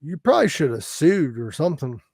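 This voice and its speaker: A man's voice: a little high, sing-song, gravelly, a little mellow, breathy edge, no room sound. A man hosting a podcast in casual chat, cracking crude jokes and laughing often. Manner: crude, joking, quick to laugh. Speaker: podcast host.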